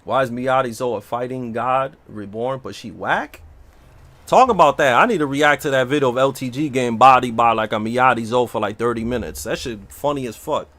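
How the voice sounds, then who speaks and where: A man's voice: medium pitch, normal speed. A man chatting casually and brashly while streaming a game. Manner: brash, slangy, animated. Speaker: livestreamer. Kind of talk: casual gaming stream talk.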